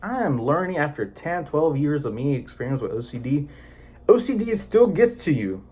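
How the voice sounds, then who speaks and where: Man, slightly high voice, earnest, rambling casual vlog delivery, lots of "you know". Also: big pitch swings, moderate pace, mellow, slightly rough. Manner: rambling, earnest, many fillers and restarts. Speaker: vlogger sharing personal experience. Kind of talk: casual personal talk to camera.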